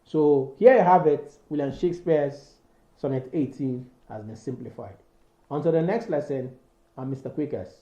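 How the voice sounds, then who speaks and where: A man's voice: on the high side, moderate pace, dark tone. A man teaching a poetry lesson, talking loosely with many fillers and restarts. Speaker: English literature teacher. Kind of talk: spoken poetry analysis lesson. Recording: roomy, dull lo-fi recording.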